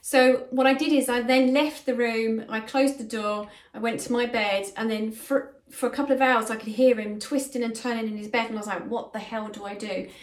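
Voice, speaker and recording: A woman's voice: fairly high pitch, steady tone, a little fast, few pauses. A middle-aged woman, earnestly telling a personal story as a spiritual medium in a casual, conversational way, recorded in a bedroom at home. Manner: earnest, conversational, with frequent fillers. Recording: echoey room.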